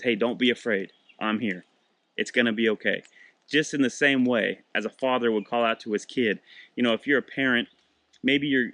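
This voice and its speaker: A man in his thirties talks through a Bible passage in an easygoing, conversational way, stumbling and restarting as he goes. His voice sits at an average pitch. The sound is close and dry, with no room echo. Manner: relaxed, conversational, frequent restarts and fillers. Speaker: devotional host. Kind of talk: casual devotional talk.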